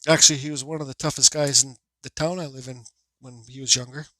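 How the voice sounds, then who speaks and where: A man's voice: mid-range voice, steady tone, fast, bright, forceful tone, no echo. A man who carves wood, telling a rambling personal story in blunt, profane, casual talk. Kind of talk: casual storytelling while carving.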